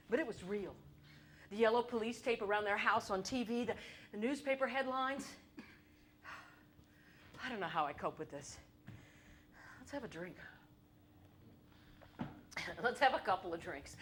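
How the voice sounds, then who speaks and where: A woman's voice: mid-range voice, lively intonation, a bit bright. A middle-aged woman performing an autobiographical stage monologue, telling her story with wry, irreverent humor and crude asides, and briefly acting out her own past voice. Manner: acts out her own past voice in quick bursts. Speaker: solo show performer. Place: theater stage.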